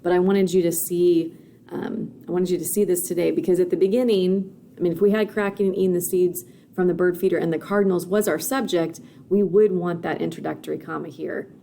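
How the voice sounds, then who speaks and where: Woman teacher, recorded grammar lesson, gravelly, dark mellow tone, patient, faint background hiss. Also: lowish voice, steady tone, brisk. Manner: patient, explanatory, frequent fillers and "okay?" checks.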